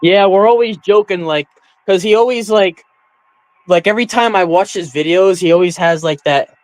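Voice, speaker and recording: A man's voice: high voice, moderate pace, rough recording. A young man filling in as host of a casual chat show, laughing often as he talks. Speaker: stand-in host.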